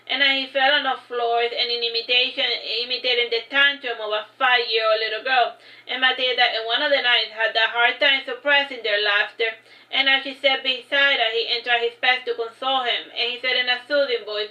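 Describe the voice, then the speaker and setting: A woman livestreaming a reading of her own book, halting, with slips and restarts. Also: on the high side, steady tone, bright, forceful tone, rough recording.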